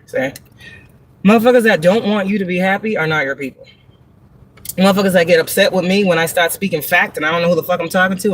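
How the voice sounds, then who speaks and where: A woman reads tarot live, blunt and heavy on profanity. She drives each point home with rhetorical questions and breaks into laughter often. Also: medium pitch. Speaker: tarot reader on a livestream. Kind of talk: live tarot reading monologue.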